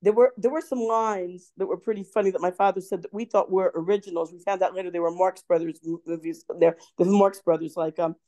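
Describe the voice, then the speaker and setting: A woman's voice: fairly low pitch, steady tone, brisk, hardly any pauses, warm tone, no room sound. A woman co-hosting a podcast, telling anecdotes and family stories, laughing often and searching for words. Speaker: podcast co-host. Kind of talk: casual storytelling chat.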